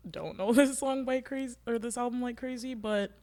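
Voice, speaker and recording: Young podcast co-host with a gravelly voice. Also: medium pitch, steady tone, normal speed, darkish tone. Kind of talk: casual chat.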